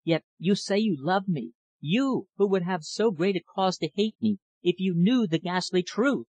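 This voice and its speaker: A man voicing an anguished young woman hiding a dark secret in a storybook reading, pleading and breaking into high cries. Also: normal speed, dry recording, rough recording. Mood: distraught.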